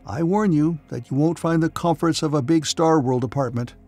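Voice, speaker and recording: A man voicing a lame young man who is quiet, thoughtful and firm, with a slightly higher voice. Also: moderate pace, soft background music.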